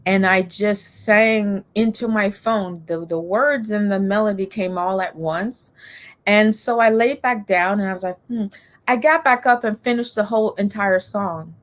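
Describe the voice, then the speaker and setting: A woman soprano and composer is the interview guest. She talks at an unhurried, measured pace in a mid-range voice. She is thoughtful and pauses to find her words. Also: mid-range voice. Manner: slow, thoughtful, with small hesitations. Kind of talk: casual interview chat.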